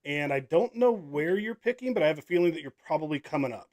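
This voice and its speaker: A man's voice: on the high side, animated, fast talker, a little mellow. Chatty man hosting a live draft. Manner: casual, self-deprecating, laughs often. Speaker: podcast host and league commissioner. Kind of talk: live draft stream chat. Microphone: online video call.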